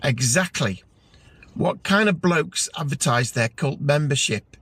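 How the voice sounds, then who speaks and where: A man's voice: on the high side, expressive, measured pace, fairly bright tone, husky, heavily acted. A man voicing a boisterous, cheeky male pub regular who mocks strangers. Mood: teasing. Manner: mocking, boisterous.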